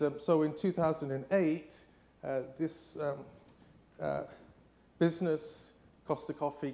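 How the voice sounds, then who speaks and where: Man, English accent, middle-aged, guest preacher, sermon, higher voice, chatty storytelling with restarts. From England. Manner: warm storytelling with frequent fillers and restarts.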